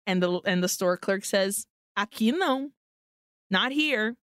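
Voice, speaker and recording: A podcast co-host with a clear, resonant, mid-range voice takes her time as she animatedly recounts a film's story and performs the characters' dialogue in a casual recap chat. The recording is dry, with clean studio sound.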